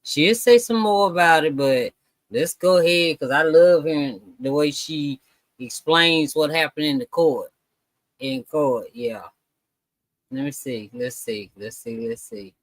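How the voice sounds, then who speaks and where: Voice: medium pitch, measured pace, dry recording, low-quality recording. A reaction channel host giving casual commentary in a musing way, often trailing off.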